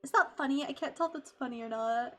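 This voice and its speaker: A woman streaming live as a VTuber, chatting casually with her chat, giggly and excitable, swearing freely and squealing as she thanks viewers. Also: sits high, quick pace, soft background music. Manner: talks to chat, thanks subscribers.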